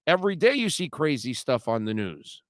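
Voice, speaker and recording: A sports talk show host speaks at a moderate pace in a medium-pitched voice, casual and animated, laughing and rambling with frequent restarts. The studio sound is clean, with no room sound.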